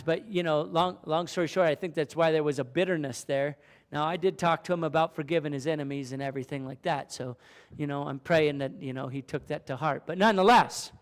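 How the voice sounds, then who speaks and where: High-voiced preaching man. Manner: storytelling, rising to loud emphatic questions. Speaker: pastor. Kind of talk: sermon.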